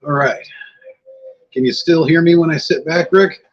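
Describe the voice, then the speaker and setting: Speaking at a moderate pace in a slightly high voice, an older livestream host chats loosely with viewers from an outdoors-like spot at home. He sounds tired and somewhat scatterbrained, and the recording is muffled.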